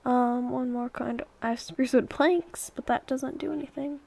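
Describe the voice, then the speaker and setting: A woman's voice: high voice, steady tone, normal speed, gravelly, darkish tone. A young woman chatting and rambling through her gameplay commentary, exclaiming and coaxing her pets along. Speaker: let's play YouTuber.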